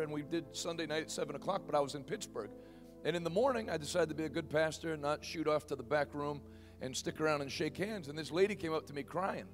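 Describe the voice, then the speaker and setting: A forty-something male pastor preaching with fervor, his voice rising loud in praise. His tone sits a bit high for a man, and soft music plays underneath. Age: 40s. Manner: emphatic, bursts loud in praise. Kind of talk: sermon.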